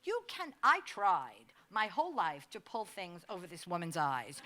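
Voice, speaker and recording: Lively, bright-voiced woman telling a story. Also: on the low side, measured pace, hardly any pauses. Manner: animated storyteller, laughs often. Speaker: advocacy staff speaker. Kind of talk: conversational presentation with personal story.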